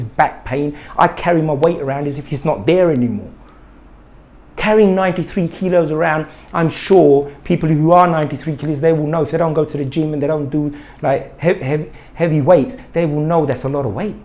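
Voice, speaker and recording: A man's voice: on the high side, moderate pace, a little mellow. A middle-aged man, talking indignantly to camera about health and firing off rhetorical questions, repeating himself for emphasis. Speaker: health vlogger. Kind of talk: impassioned monologue to camera.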